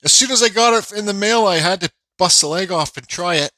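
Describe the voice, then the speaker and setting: The host of a woodcarving channel rambles casually through his workshop vlog, filling it with fillers and restarts and mentioning that he feels unwell. His voice is bright, somewhat high, and a little fast. It's recorded close and dry with no room sound, and the overall quality is low.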